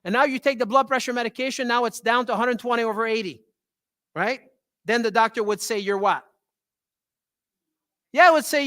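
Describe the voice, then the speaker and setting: A man with a French Canadian accent gives an animated health talk to a live audience. His voice sits very high and sounds bright and forceful. He keeps tossing questions back to the room. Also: fairly quick, long pauses. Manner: animated, repeats "right?" to the audience. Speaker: holistic health doctor giving a talk.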